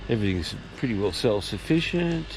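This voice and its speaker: A man's voice: fairly low pitch, lively intonation, a little fast, background noise. An Australian man hosting a casual walk-and-talk vlog about pubs, chatty and rambling with casual swearing, recorded on a handheld camera outdoors and inside a country pub. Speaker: vlog host touring pubs.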